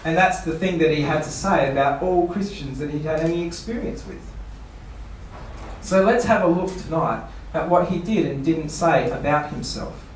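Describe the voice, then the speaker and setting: Echoey pastor, distant mic. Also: male voice, a little high, normal speed, slight background noise. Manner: rhetorical questions, playful mock quotes. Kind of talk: seminar talk. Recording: echoey room, voice from far off.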